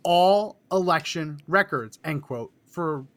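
Man, podcast co-host, easygoing ad read, slightly high voice. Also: expressive, slow pace, a bit bright. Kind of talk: ad read and casual talk.

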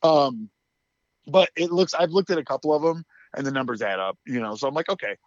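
A man's voice: on the high side, a little fast, dry recording, muffled recording. A man co-hosting a podcast, chatting casually and telling a story, acting out the quotes and laughing often. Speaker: podcast co-host. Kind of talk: casual chat.

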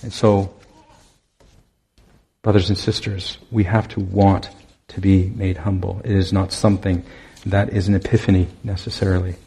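Husky low-voiced man preaching. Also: little pitch movement, mellow. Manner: earnest, exhorting, with many pauses. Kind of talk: sermon.

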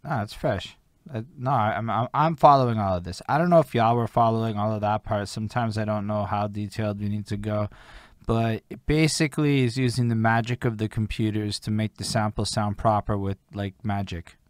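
A man's voice: fairly low pitch, brisk, dry recording, studio quality. A young man hosting a podcast in loose, jokey chat, swearing freely and using slang. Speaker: podcast host.

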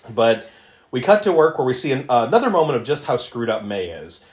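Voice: mid-range voice, moderate pace, echoey room. A podcast co-host retelling movie scenes in a casual, giggly way, laughing often. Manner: giggly, animated storytelling with frequent laughs. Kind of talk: casual movie-review chat.

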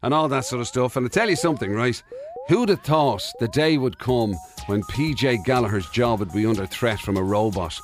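Teasing radio co-host. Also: male voice, medium pitch, a little fast, soft background music. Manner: teasing, easygoing. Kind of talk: casual radio banter.

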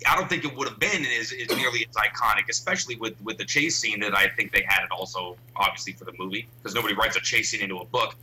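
Brief: man, very bright tone, faint hum behind, thinks aloud, restarts a lot. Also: on the low side, quick pace, few pauses, poor audio. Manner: thoughtful, rambling, many restarts. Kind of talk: casual movie discussion.

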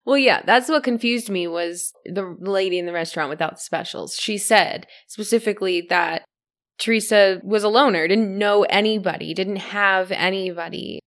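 A woman's voice: medium pitch, normal speed, fairly bright tone. A woman in casual chat, puzzled and questioning, laughing easily as she talks. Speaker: podcast co-host.

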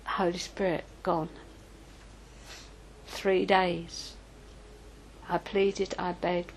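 A woman's voice: mid-range voice, slow pace, vocal fry, pauses often, slight background noise, poor audio. An older woman giving an informal, anecdotal teaching talk as a preacher, chatty and prone to self-corrections.

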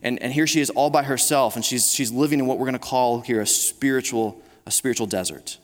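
A man's voice: mid-range voice, a little fast. Man preaching in a reverberant hall. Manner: conversational preaching with frequent repeated starts. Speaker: pastor. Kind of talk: sermon to a live congregation. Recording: long reverb of a large hall.

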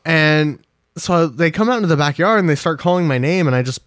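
A man's voice: a little high, expressive, brisk, a bit bright, no echo, clean studio sound. Rambling, swearing young man telling stories. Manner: rambling storyteller, swears a lot. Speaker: podcast co-host. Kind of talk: casual chat.

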